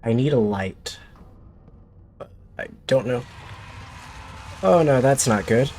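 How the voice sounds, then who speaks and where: A man's voice: mid-range voice, lively intonation, unhurried, long pauses, a little mellow, soft background music. A man streaming a horror game, talking to himself in jumpy, joking commentary. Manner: jumpy, talks to himself, jokey. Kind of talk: let's play commentary.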